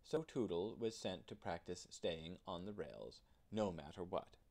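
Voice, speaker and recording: A man narrating a children's storybook in an expressive storytelling manner. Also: low voice, unhurried. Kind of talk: children's storybook read-aloud.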